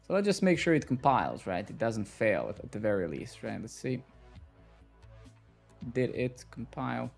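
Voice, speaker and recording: A man's voice: medium pitch, sing-song, moderate pace, gravelly, faint music behind. A man live coding on a stream, thinking aloud as he works and swearing at the code when it breaks. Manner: muttering to himself, swearing in frustration.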